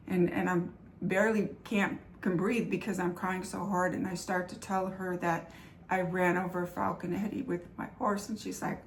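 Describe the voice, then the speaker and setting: Older woman vlogger, gravelly and a bit low, earnest storyteller, faint hiss behind her. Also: normal speed. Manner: animated, earnest storytelling that acts out quoted lines. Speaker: vlogger sharing faith-based recovery stories. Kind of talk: personal storytelling.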